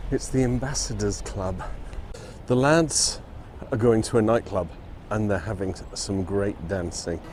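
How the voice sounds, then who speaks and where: Chatty man with a low, mellow voice. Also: slight background noise. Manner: chatty, chuckles often. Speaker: vlogger touring film locations. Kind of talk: casual walking vlog narration. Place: outdoors on city streets.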